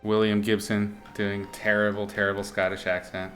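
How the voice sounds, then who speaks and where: A man's voice: fairly low pitch, monotone, normal speed, fairly bright tone, faint music behind. A man chatting casually with his live-stream audience while he paints, playful and giggly, greeting viewers by name and making up silly words.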